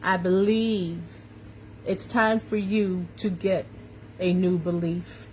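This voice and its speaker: A woman's voice: fairly low pitch, fairly even intonation, takes it slowly, a little mellow, slight background noise. A woman coach with a slight New York accent, hosting a live stream and speaking in a preachy, emphatic way, repeating her key phrases and greeting viewers by name. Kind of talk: live-stream motivational talk. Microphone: phone or webcam on a social media live video.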